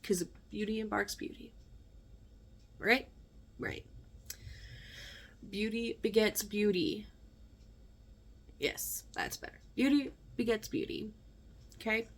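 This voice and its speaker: A woman vlogger telling a personal story in an emphatic, conversational way, often checking in with her listeners. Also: medium pitch.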